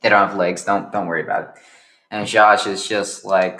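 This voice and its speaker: A man's voice: on the low side, steady tone, normal speed, fairly bright tone. A young man improvising the narration of a fan story, rambling with joking asides.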